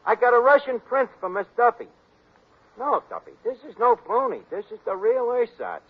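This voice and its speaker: An actor playing a tough, scheming bar manager, in 1940s radio comedy acting. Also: male voice, sits high. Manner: wisecracking, tough, laughs a lot. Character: fast-talking male bar manager, schemer. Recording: dull, slightly noisy old radio recording.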